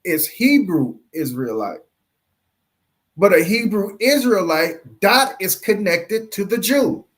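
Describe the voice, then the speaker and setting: A man with a light Southern accent giving slow, preachy commentary on a livestream, full of rhetorical questions and drawn-out emphasis. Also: sits high, big pitch swings. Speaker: panelist.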